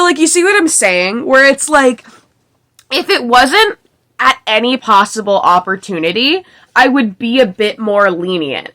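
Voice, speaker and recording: A woman's voice: high voice, bright, forceful tone. A young woman in her twenties giving a casual, sarcastic book recap, reading passages aloud between giggly asides. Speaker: book reviewer.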